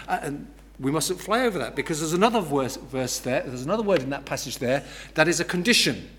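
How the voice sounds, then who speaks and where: A man's voice: a little high, animated, quick pace, few pauses, a bit bright. A man preaching an expository sermon who explains step by step and repeats key words for emphasis.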